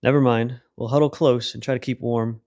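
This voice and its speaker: A man voicing a fatherly older male mouse in a storybook reading, steady and gently commanding. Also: mid-range voice, fairly quick, close to an everyday voice. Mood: reassuring.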